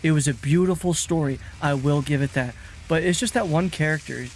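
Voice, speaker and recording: A man's voice: a little high, fairly quick, a little hiss or hum. A man streaming a game, chatting casually in a rambling, self-mocking way and swearing freely. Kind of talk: casual gaming commentary.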